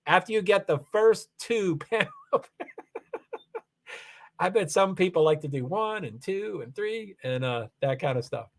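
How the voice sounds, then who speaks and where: A man's voice: high voice, expressive, measured pace, long pauses. Man rambling through a livestream. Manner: rambling, repeats "allegedly", frequent restarts; talks through software settings step by step. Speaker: livestream host. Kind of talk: casual livestream chat, reading comments.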